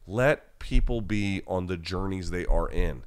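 Blunt low-voiced podcast host. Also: male voice, expressive, unhurried, clear, resonant tone. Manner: blunt, rambling, frequent fillers and restarts. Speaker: podcast host answering live chat. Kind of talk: casual live-chat talk.

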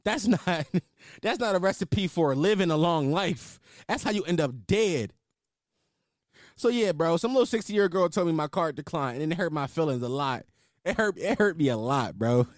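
A man in his twenties telling a story casually, animated and full of profanity. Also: fairly high pitch, normal speed, no room sound, clean studio sound. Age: 20s. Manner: profane, animated, exaggerated outrage.

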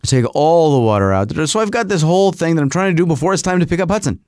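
A man's voice: on the high side, quick pace, smooth, no room sound, clean studio sound. A middle-aged man hosting a podcast, telling a rambling comic story and putting on voices. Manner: rambling, animated, puts on voices. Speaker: podcast host.

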